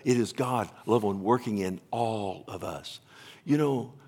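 A man in his fifties preaching a sermon, rambling with restarts, then building to loud, emotional proclamation and pleading. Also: fairly low pitch, a little slow, gravelly. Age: 50s. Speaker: pastor. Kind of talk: sermon with altar call.

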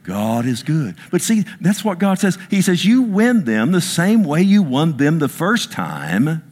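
Delivering a sermon to his flock, this sixty-something pastor is very animated, lurching from booming high-pitched bursts to deliberate, low-voiced emphasis. He pokes fun at himself now and then.

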